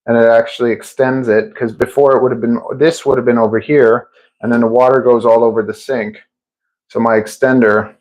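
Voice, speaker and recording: Male streamer, casual and rambling, average pitch, at home. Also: poor audio. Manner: chatty, rambling, often restarts sentences and laughs at himself. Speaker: streamer and drone builder. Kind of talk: casual live-stream chat. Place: indoors at home, near a kitchen sink.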